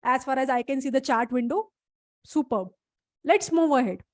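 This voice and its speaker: Teaching a live online class, the high-voiced female instructor speaks briskly with a somewhat dark tone. Each point gets a step-by-step explanation, and she often pauses to check that students are with her. The audio is dry and close, lacking any room echo.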